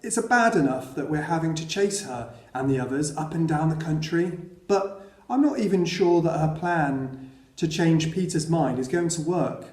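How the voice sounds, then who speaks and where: A man's voice: on the high side, lively intonation, moderate pace, a little mellow, roomy sound, natural voice. A man reading the lines of a worried mother who explains things hesitantly. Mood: troubled. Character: worried mother, earnest and confiding.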